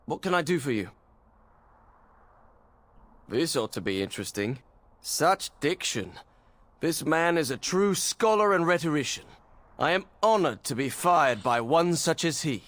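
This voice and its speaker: A man's voice: on the high side, big pitch swings, a little slow, pauses often, a bit bright, no room sound. A man voicing a sarcastic male merchant in a video game, mock-formal and snide.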